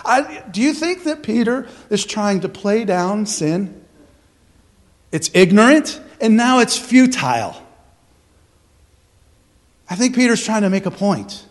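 A man preaching a sermon as pastor, emphatic, with rhetorical questions, swinging from loud to hushed. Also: sits high, very animated, slow, pauses often.

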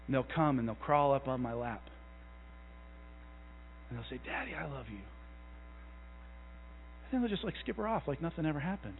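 A man in his thirties preaching a conversational sermon, telling folksy stories with self-deprecating asides and building to a slow, fervent conviction. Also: medium pitch, sing-song, slight background noise. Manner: builds to a louder, slower fervor. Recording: tinny, phone-like sound in a long reverberant hall.

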